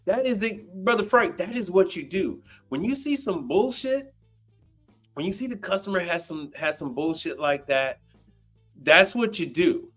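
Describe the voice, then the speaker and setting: A man's voice: fairly high pitch, lively intonation, measured pace, fairly bright tone, soft background music. A man hosting a livestream, ranting bluntly and swearing in casual talk. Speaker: livestream host. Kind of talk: casual profane rant.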